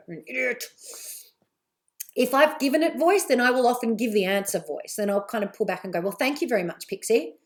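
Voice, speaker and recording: A middle-aged woman with a British accent, giving a candid, chatty live online talk as a coach, with asides and a lively delivery. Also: mid-range voice.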